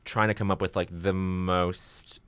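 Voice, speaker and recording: A man guesting on a podcast, rambling and self-deprecating as he stops and restarts his thoughts. His voice sits fairly low, yet it sounds bright and smooth. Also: level tone, unhurried. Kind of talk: casual chat.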